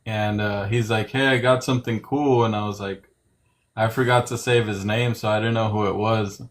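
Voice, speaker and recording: A man co-hosting a live chat stream, talking quickly and offhandedly with hesitant fillers. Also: lowish voice, fairly even intonation. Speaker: co-host.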